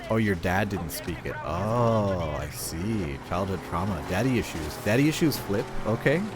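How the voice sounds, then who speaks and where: A man streams a shooter game, rambling in casual chat and swearing freely in a neutral accent. His low voice is animated and moderately paced, set over music, with loud game gunfire behind him.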